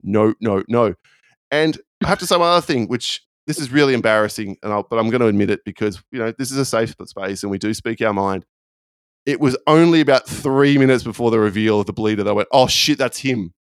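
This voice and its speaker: A man co-hosting a casual film discussion podcast, animated, acting out scenes in quoted voices. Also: on the low side, fast, no room sound, studio quality. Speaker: podcast co-host.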